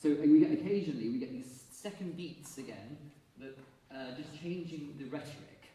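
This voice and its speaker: An Englishman leading a choir rehearsal, briskly encouraging and quick to laugh. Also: fairly high pitch, dark tone, slight background noise. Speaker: choir conductor. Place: rehearsal hall. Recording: echoey hall from far off.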